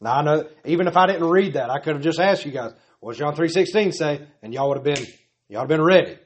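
Male pastor, earnest repetitive sermon delivery, slightly high pitch. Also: fast, husky. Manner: earnest, pleading, repetitive emphasis.

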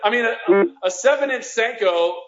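A man with a fairly high voice tells casual fishing stories, circling back and restarting as he goes. The sound is roomy and a bit dull. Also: normal speed. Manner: rambling, with many restarts. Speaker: guest angler. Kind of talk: casual storytelling.

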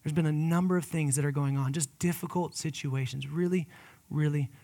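High-voiced earnest man preaching. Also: fairly even intonation, brisk. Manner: earnest and conversational, swinging from loud emphatic peaks to hushed whispers; personal, addresses listeners as guys. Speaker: pastor. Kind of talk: sermon.

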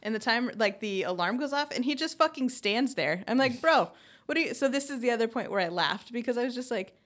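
A woman's voice: a little high, lively intonation, quick pace, fairly bright tone. A woman co-hosting a casual podcast, recapping with quoted asides. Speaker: podcast co-host. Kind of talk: casual chat.

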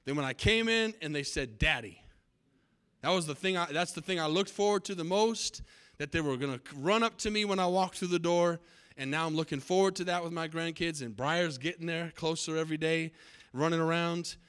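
Older male preacher, higher-pitched, exhorting, sermon storytelling. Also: brisk, fairly bright tone, clear, resonant tone. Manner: exhorting, direct address to the congregation.

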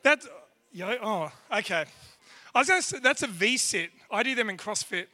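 Man with a very high, bright voice, runs a playful quiz for a church crowd. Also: lively intonation, moderate pace. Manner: playful, jokey, quizzing the crowd. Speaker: church speaker. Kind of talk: lively talk with a church audience.

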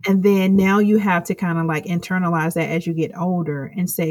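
Husky low-voiced woman, earnest and rambly, dry sound. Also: fairly even intonation, brisk, a little mellow, no room sound. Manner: earnest, reflective, rambling with fillers. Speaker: interview guest. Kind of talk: casual interview chat.

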